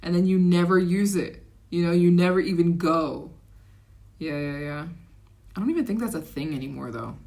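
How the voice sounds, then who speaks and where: A young woman hosting a casual livestream, chatting excitably and reacting to viewer comments. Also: lowish voice, moderate pace, creaky. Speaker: livestream host.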